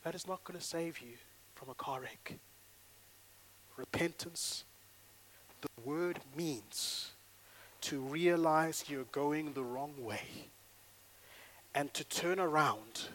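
A male pastor preaching a sermon in an animated way, acting out little dialogues and swinging between loud and hushed delivery. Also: mid-range voice.

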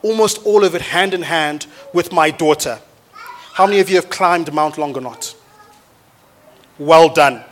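A man in his thirties preaches a sermon to his congregation in a church auditorium. His voice sits fairly high for a man, and his lively storytelling keeps climbing into loud, rousing exhortation. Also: a little slow, pauses often, slight background noise. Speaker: pastor.

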